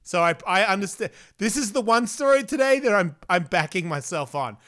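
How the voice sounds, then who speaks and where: Animated, crude-talking male podcast host. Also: sits high, brisk. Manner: crude, animated storytelling with acted-out quotes. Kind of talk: casual chat.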